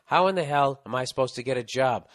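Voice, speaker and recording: A man's voice: medium pitch, quick pace, no echo. A middle-aged man hosting a podcast, ranting and telling stories with lots of swearing as he reads a listener's letter. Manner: profane ranting, storytelling. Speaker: podcast host reading listener advice letters. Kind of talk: casual podcast chat.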